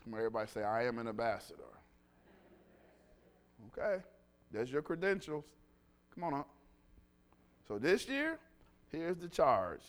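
A man preaching a lively sermon, telling stories and calling the congregation to respond. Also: medium pitch, normal speed, long pauses. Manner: animated, call-and-response with congregation.

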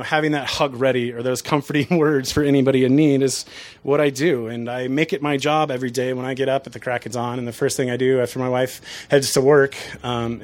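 A man who works as a bartender, telling stories to an audience in a casual, lively way and chuckling often. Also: medium pitch. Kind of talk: storytelling talk to an audience.

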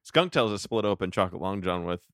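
Man, casual co-host, rambly and hesitant, smooth and dry. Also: deep voice, animated, fast, a bit bright, no echo. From Southern Illinois. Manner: rambling, hesitant, lots of fillers and restarts. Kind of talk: casual chat.

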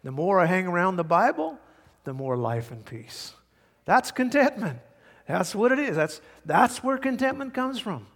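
Middle-aged pastor guy preaching, kinda high voice, storytelling, gets loud then soft, echoey church. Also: moderate pace. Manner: animated storytelling, swings from quiet to loud. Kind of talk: sermon. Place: large church hall. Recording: hall reverb.

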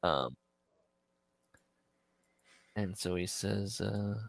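Gravelly low-voiced man, dry sound. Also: very slow, no room sound. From American Midwest. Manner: rambling, laughs often, quotes lines. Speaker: podcast co-host. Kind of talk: casual movie-review chat.

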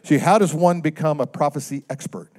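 A man preaching a sermon in a conversational way, often asking the congregation questions and swinging from loud emphatic lines to quiet low asides. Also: fairly quick. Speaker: pastor.

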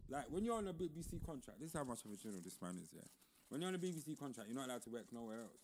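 A man co-hosting a podcast, chatting casually and telling loose, animated stories full of slang. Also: medium pitch, racing, slight background noise. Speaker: podcast co-host. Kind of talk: casual chat.

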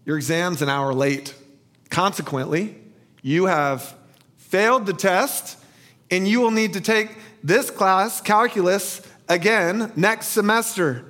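A man's voice: sits high, slow pace, fairly bright tone. A man voicing a stern, gloating male calculus professor in a spoken sermon story.

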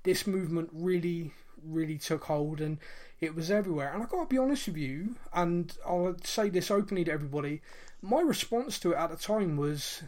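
A man's voice: sits high, animated, moderate pace, a little mellow. Earnest man in his thirties. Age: 30s. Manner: earnest, reflective, with many fillers and restarts. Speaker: podcast co-host. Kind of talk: casual podcast chat.

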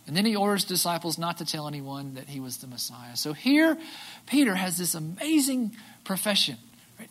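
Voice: mid-range voice, very animated, normal speed. A preacher retelling a story casually in a sermon, acting out quotes and often asking "right?".

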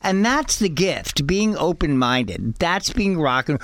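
A man being interviewed, telling rambling, excited stories, a little out of breath. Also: mid-range voice, a little slow, hardly any pauses, a little hiss or hum. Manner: enthusiastic, rambling, says "dude" a lot. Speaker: guest, store owner. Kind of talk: animated storytelling interview.

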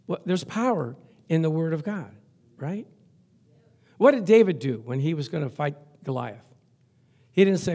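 A male pastor preaching a lively sermon, chuckling often and reading scripture aloud. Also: fairly high pitch, a little slow, creaky, pauses often.

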